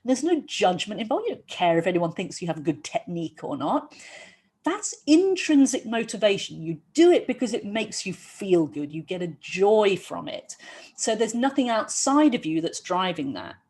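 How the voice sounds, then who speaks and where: A woman who treats performing artists, giving a lively educational talk and often checking in with the audience. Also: mid-range voice, normal speed. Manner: lively, often asks "right?". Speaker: health practitioner for performing artists.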